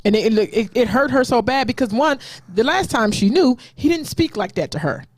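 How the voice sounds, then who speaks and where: A woman's voice: a little high, lively intonation, a little fast, dry recording. A woman telling a personal parenting story in a casual podcast chat, emphatic and direct. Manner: emphatic storytelling, frequent "yes". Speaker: guest parent.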